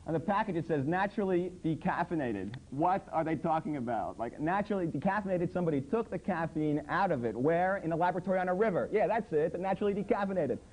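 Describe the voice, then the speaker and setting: A man's voice: a little high, expressive, fast talker, few pauses, a little mellow, low-quality recording. Sarcastic man ranting about commercials. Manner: sarcastic, incredulous, quoting ads in mock voices. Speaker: comedy host. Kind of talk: satirical monologue on commercials. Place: public access TV studio under hot lights.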